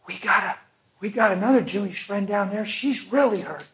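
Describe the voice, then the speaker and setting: A man's voice: high-pitched, moderate pace, fairly bright tone. A man voicing an earnest adult man asking for prayer for a friend, in his own voice.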